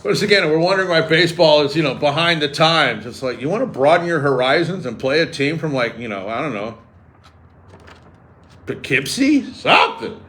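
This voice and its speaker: A man's voice: on the high side, a little fast, few pauses, a little hiss or hum. A man hosting a sports radio show, riffing and joking sarcastically in casual banter. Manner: animated, sarcastic, riffing jokes. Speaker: radio host.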